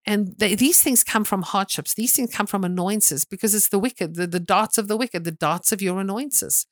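A woman's voice: mid-range voice, normal speed, no echo. A woman delivering a sermon in an emphatic, repetitive preaching manner, swinging into sudden dramatic bursts. Her voice sits in a middle range for a woman. The recording is dry and close.

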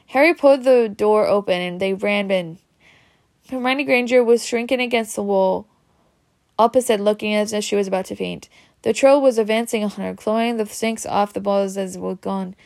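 A woman reading a children's story aloud in a steady way. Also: medium pitch. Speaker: reader.

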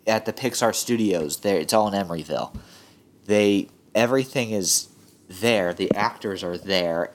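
A man speaking as a guest in a casual chat, explaining things at a relaxed pace. He has a fairly low voice. He fills his pauses with "um" and "like.". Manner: relaxed, many fillers.

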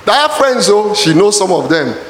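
A man preaching a sermon in a church, often shouting calls to the congregation. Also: high-pitched, very animated, moderate pace, faint music behind. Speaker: pastor. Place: church hall. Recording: echoey church hall.

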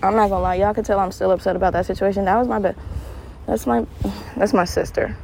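Animated young woman podcaster. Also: mid-range voice, fast, vocal fry, slight background noise, poor audio. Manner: animated storyteller, laughs often, swings to earnest advice. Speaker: podcast host. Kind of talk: casual solo monologue.

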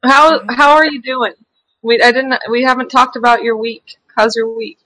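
A woman's voice: a little high, fairly even intonation, normal speed, sharp tone, rough recording. A woman from Oklahoma co-hosting a podcast in casual chat, playful and eager to chime in. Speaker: podcast co-host.

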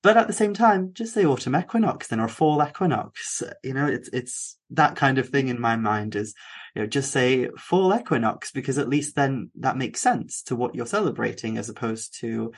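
A man's voice: medium pitch, lively intonation, moderate pace. A man hosting a podcast, talking casually and agreeably, quoting people with rising emphasis. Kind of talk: casual conversation.

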